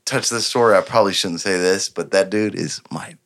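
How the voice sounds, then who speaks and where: A man's voice: sits low, brisk, a bit bright. A man, telling a rambling bar story on a podcast and acting out the other people's lines. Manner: rambling, acts out quoted dialogue, laughs often. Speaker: podcast guest. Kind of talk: casual storytelling.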